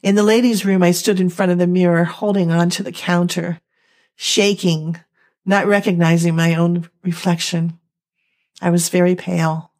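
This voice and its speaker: A young woman telling a dramatic first-person story in a slow, emotional, halting reading. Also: on the low side, level tone, a little mellow. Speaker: narrator.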